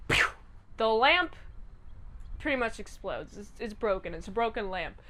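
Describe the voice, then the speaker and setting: A woman recapping a TV episode in a casual, chatty, animated way, adding her own sound effects. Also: fairly high pitch. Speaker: channel host reviewing a TV episode.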